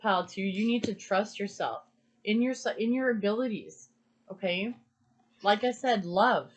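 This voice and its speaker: A woman's voice: mid-range voice, measured pace. Earnest woman giving a card reading. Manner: earnest, emphatic, repeats phrases for stress. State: emotional. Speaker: tarot card reader.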